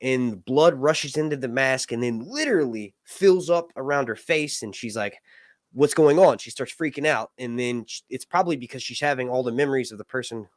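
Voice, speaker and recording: A man in his thirties hosting a laid-back livestream chat. He rambles from one thought to the next, full of fillers and restarts, in a middle-pitched voice. The recording is dry and close. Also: expressive, brisk, few pauses, dry recording. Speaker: podcast host. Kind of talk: casual livestream discussion.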